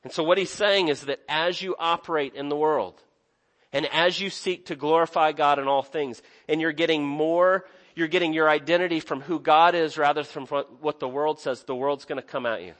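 A man's voice: on the high side, moderate pace, fairly bright tone. A young man preaching a sermon in an earnest, conversational way, often restarting his sentences. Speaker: pastor.

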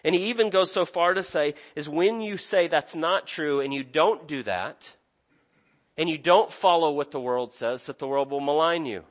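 Earnest young pastor, slightly high voice. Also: male voice, moderate pace. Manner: earnest, conversational preaching with restarts. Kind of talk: sermon.

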